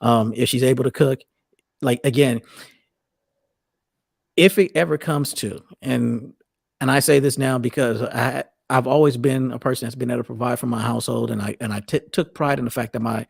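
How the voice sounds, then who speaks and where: A man's voice: medium pitch, steady tone, fairly quick, creaky, breathy edge, no echo, studio quality. A middle-aged man talking casually as a podcast co-host, rambling and restarting his sentences often. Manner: rambling, many restarts and self-corrections. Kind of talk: casual conversational talk.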